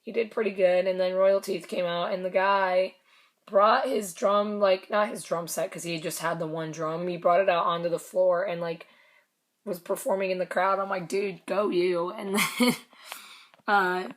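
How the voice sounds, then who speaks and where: A woman's voice: lowish voice, fairly even intonation, moderate pace. A young woman casually recounting a concert meet and greet, chatty, swearing and laughing often. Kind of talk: casual storytelling vlog.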